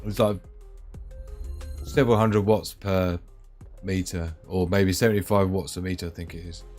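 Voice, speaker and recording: Chatty man, low voice. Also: fairly even intonation, normal speed, a little mellow, faint music behind. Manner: rambling, chatty, talks to viewers. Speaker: livestream host. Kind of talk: casual live-stream chat.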